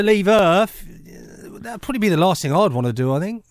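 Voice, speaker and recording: Giggly high-voiced man on radio. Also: very animated, normal speed, dry recording, studio quality. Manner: jokey, giggly, lots of "you know what I mean". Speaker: radio breakfast co-host. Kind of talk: casual radio banter. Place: radio studio.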